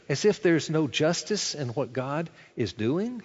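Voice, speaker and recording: A man's voice: a little high, animated, normal speed, few pauses. A man preaching a sermon in an earnest, conversational way, asking rhetorical questions as a pastor. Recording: dull sound with long hall reverb.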